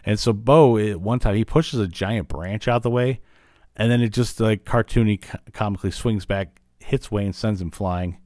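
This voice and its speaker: A man with a lowish voice recaps an old cartoon for his podcast, rambling along with plenty of "uh"s and "like"s. He grew up in Illinois. The sound is dry and close, with almost no room around it. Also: normal speed, a little mellow, no room sound. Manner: rambling, filler-heavy retelling. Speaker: podcast host. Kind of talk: casual recap of a cartoon episode.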